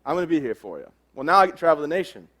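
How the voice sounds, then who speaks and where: Guy in his 20s doing a funny motivational talk, rattles along quick, acts out what everyone said. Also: on the high side, very animated, fairly bright tone. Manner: joking storyteller, acts out quoted dialogue. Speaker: motivational speaker. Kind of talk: humorous motivational speech.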